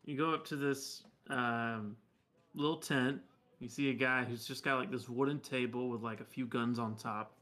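A man's voice: medium pitch, fairly even intonation, normal speed, pushed and bright. Casual, jokey male game master. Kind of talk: narrating a tabletop game.

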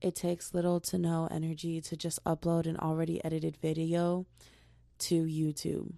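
Young female podcast host, mellow and fry-heavy tone, animated casual chatter. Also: sits low, moderate pace, dry recording, studio quality. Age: young adult. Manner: gossipy, animated, slangy storytelling. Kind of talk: casual solo podcast chat.

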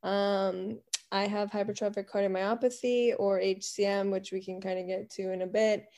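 A woman's voice: mid-range voice, little pitch movement, normal speed, warm tone. A woman in her twenties, a podcast guest, introducing herself in an easygoing, joking way during a casual interview. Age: 20s.

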